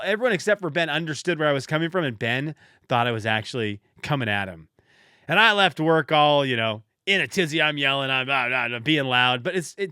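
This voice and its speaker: Guy doing a solo podcast, rambly and self-mocking, keeps restarting, bright tense voice, dry close mic. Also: on the high side, dry recording. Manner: rambling, self-deprecating storytelling with frequent restarts. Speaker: podcast host. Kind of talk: casual solo podcast monologue.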